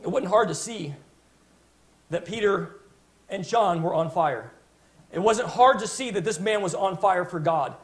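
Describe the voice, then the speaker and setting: A man's voice: high voice, a little slow, pauses often. A male preacher telling a Bible story in a sermon with passionate, dramatic storytelling. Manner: impassioned storytelling, dramatic retelling.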